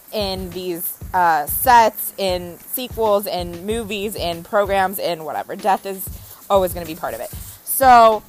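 A woman's voice: medium pitch, poor audio. Dramatic chatty woman vlogger. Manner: dramatic, animated storytelling with acted quotes. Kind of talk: casual chat to camera.

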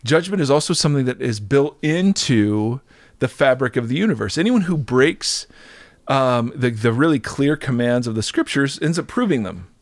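A middle-aged man and pastor talking through faith in an earnest, animated conversational way, often restarting his sentences. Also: medium pitch, normal speed, no room sound.

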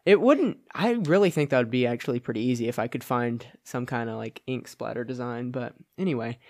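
A young adult man co-hosts a podcast, speaking at a fairly quick pace in a medium-pitched voice. His casual chat rambles, thick with fillers and frequent laughs.

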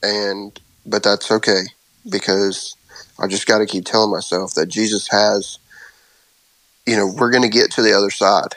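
A man in his thirties in a casual faith chat, speaking haltingly and openly about his worries, anxious. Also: on the low side, flat delivery, fairly bright tone, no echo, poor audio. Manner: halting, open about worry. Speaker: co-host.

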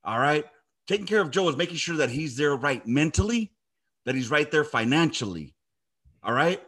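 A man's voice: a little high, sing-song, moderate pace, fairly bright tone, breathy edge. A middle-aged man who is an army veteran, talking casually and telling stories with heavy, emphatic swearing. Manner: profane, emphatic storytelling. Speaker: podcast host, army veteran. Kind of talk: casual chat.

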